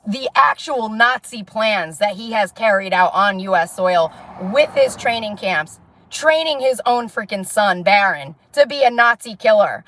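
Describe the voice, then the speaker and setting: A woman's voice: fairly high pitch, fairly bright tone, no echo. A woman vlogger giving a heated, profane monologue to camera, repeating herself and pressing "okay?" after her points. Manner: repetitive, insistent, peppers talk with "okay?".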